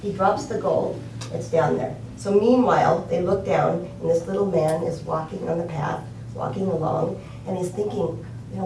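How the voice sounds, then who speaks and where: A woman's voice: on the low side, normal speed, creaky, mellow, a little hiss or hum. Older woman, inspirational talk, conversational, roomy, distant mic. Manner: conversational with fillers, laughs, emphatic repetition. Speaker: speaker.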